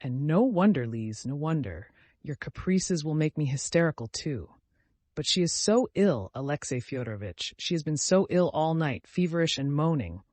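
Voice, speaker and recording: A man's voice: fairly high pitch, animated, moderate pace, a little mellow, dry recording. A man reading an audiobook, voicing an effusive, overwrought middle-aged mother who is easily upset. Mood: fretful.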